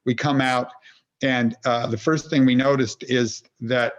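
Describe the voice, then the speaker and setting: A man's voice: mid-range voice, fairly even intonation, a little slow, lo-fi sound. A man as a podcast guest, explaining ideas through storytelling, acting out little inner voices, often stopping to restart a thought. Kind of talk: conversational explanation.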